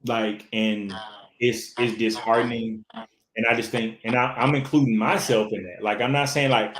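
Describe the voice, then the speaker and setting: A man, an actor, talking casually in an interview, animated and full of restarts and fillers. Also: mid-range voice, normal speed, echoey room, slight background noise, rough recording. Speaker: actor, podcast guest.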